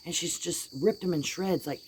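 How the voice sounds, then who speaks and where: Low-voiced middle-aged woman venting. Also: moderate pace, a little hiss or hum. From United States. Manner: blunt, heated, folksy storytelling. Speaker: vlogger. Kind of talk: casual venting vlog.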